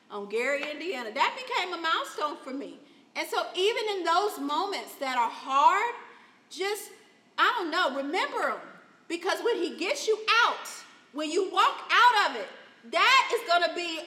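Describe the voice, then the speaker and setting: A woman preacher giving an emotional sermon testimony, rising loud and high at key points. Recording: echoey hall.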